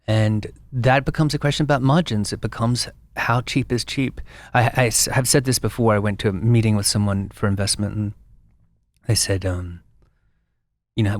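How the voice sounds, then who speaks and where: A man guest and brand founder in a casual interview, an animated storyteller with frequent restarts. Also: fairly low pitch, a little fast, no room sound.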